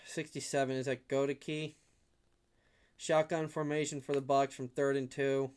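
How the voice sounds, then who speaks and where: A man's voice: mid-range voice, little pitch movement, normal speed, clear, resonant tone. A young man giving casual fan play-by-play on a livestream from his room at home, rambling and prone to getting worked up. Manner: rambling, gets worked up and shouts at big hits.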